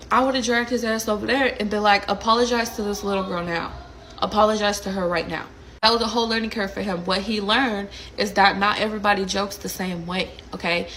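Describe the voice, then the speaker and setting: A young woman, telling a story in a casual, animated, slangy way. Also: mid-range voice, a little hiss or hum, low-quality recording.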